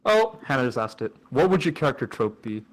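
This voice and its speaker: Relaxed young man hosting a chat. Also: mid-range voice, a little fast, poor audio. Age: young adult. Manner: relaxed, playful, fills with "uh" and "like". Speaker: podcast host. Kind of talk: casual chat.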